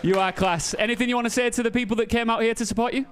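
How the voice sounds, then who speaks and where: A man's voice: extremely high pitch, very fast. A man doing an upbeat live interview with a winner at an event. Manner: lively, upbeat. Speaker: pitchside interviewer. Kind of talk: live post-match interview. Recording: loud crowd and noise at a live event.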